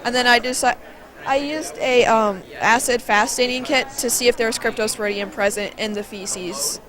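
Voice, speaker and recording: A teenage girl in high school explains her science fair project. She answers in a plain, matter-of-fact way. Her voice is a little high. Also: normal speed, a crowd in the background. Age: teens. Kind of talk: casual interview.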